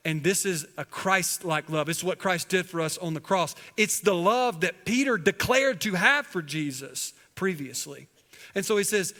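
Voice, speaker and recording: Male pastor preaching in a reverberant church. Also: on the high side. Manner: preaching with dramatic swings between loud emphasis and hushed quiet. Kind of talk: sermon. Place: church sanctuary. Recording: long hall reverb from a church sanctuary.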